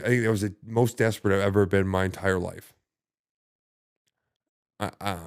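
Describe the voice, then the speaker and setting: A man telling his story as a podcast guest in casual conversation, halting and profane, full of restarts and fillers. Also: on the low side, clear, resonant tone, no echo, clean studio sound.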